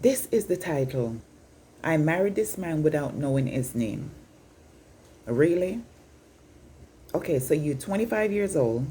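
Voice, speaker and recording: A woman's voice: sits low, dark tone, slightly rough. A Jamaican woman in her fifties giving an incredulous, scolding opinion vlog, slipping in and out of patois. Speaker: vlogger.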